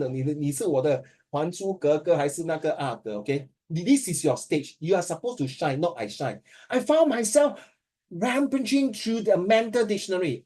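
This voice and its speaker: A man's voice: high voice, a little mellow. A man with a Singaporean English accent tutoring a student in a playful, teasing way, switching between languages. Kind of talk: casual one-on-one tutoring.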